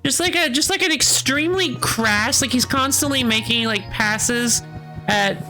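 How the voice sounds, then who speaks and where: Brief: female game streamer, casual rambling commentary, slightly high and bright. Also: normal speed, faint music behind. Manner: rambling, playful, laughs often. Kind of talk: casual let's-play commentary.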